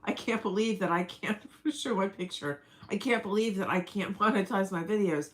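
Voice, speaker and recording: A woman's voice: mid-range voice, moderate pace, rough recording. A middle-aged woman rambling through a casual personal vlog, emotional and breaking into laughs. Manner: rambling, emotional, laughs often mid-sentence. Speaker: vlogger.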